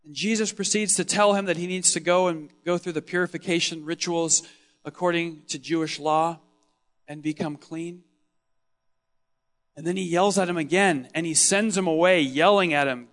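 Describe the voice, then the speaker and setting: A preacher delivering a first-person dramatic sermon monologue, telling the story with strong emotion and moving between loud exclamations and hushed tones. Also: male voice, high voice, normal speed.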